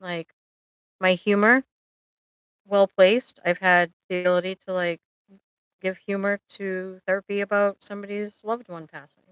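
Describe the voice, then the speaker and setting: A woman's voice: medium pitch, level tone, moderate pace, pauses often, fairly bright tone, smooth, no room sound, poor audio. A middle-aged woman therapist chatting casually on a live stream, rambling and joking with lots of ums.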